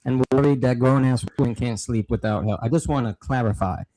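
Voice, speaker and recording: A man's voice: medium pitch, fairly quick, mellow, dry recording, low-quality recording. A man hosting a casual talk show, cutting in with incredulous clarifying questions. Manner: incredulous, interrupts to clarify and challenge. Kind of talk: casual podcast chat.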